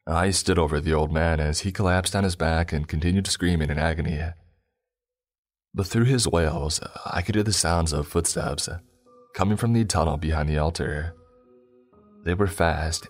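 A man with a very deep, low voice tells a first-person horror story. His delivery is steady and measured, with faint music under it.

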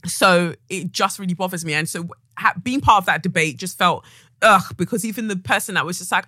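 A woman's voice: lowish voice, brisk, bright, forceful tone, no room sound, studio quality. A woman, talking as a podcast host in a heated, ranting monologue full of swearing. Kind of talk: casual monologue.

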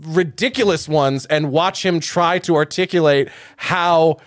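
Guy cracking jokes on a podcast, kinda high voice, dry mic. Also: measured pace, no room sound. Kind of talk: casual chat.

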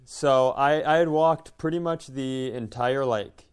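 A man co-hosts a casual podcast, spinning a meandering, self-mocking story. His voice is smooth and clear, pitched in an ordinary middle range. He drops in profanity with an easy, offhand delivery. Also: a little slow. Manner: rambling, self-deprecating storyteller. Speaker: podcast co-host, comedian.

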